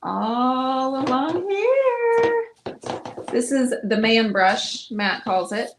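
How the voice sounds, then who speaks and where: A woman's voice: high-pitched, sing-song, drawn-out words, background noise. A middle-aged woman hosting a live painting stream, chatting casually and explaining each step as she paints.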